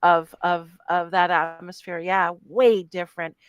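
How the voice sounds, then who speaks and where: A woman's voice: fairly low pitch, flat delivery, measured pace, smooth, no echo. A woman co-hosting a podcast in casual chat, frank and swearing, laughing easily. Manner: frank, swears, laughs often, reflective when recounting. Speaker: podcast co-host.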